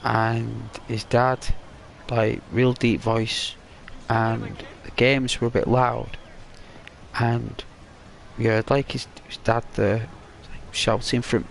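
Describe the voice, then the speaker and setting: A man casually telling a rambling, halting story while commenting on a video game. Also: fairly low pitch, vocal fry, slight background noise. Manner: rambling, halting, excitable when retelling. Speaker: gaming commentator. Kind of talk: casual storytelling over gameplay.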